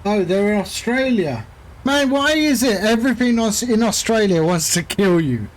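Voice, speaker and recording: A man's voice: sits high, expressive, normal speed. A man streaming a flight simulator, chatting casually and rambling with jokey asides to his viewers. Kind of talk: casual chat while flying a sim.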